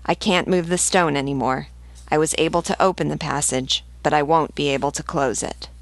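A woman's voice: low voice, dry recording. A woman reading the lines of a loyal male servant who urges everyone to hurry. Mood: urgent. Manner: urgent, hurried.

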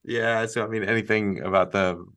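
A man's voice: fairly low pitch, steady tone, moderate pace, a bit bright. A man from Massachusetts, a guest author in an interview, talking earnestly and reflectively and laughing easily. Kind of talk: casual interview talk.

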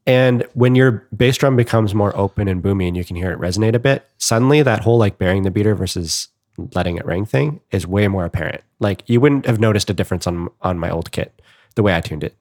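A man's voice: lowish voice, fast talker, darkish tone, no echo, clean studio sound. A man co-hosting a podcast, talking casually and rambling with fillers and restarts. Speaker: podcast co-host. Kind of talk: casual chat.

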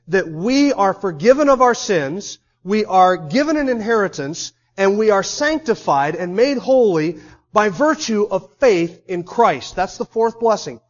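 High-voiced man preaching a sermon. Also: lo-fi sound. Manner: emphatic preaching with repeated lists. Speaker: pastor.

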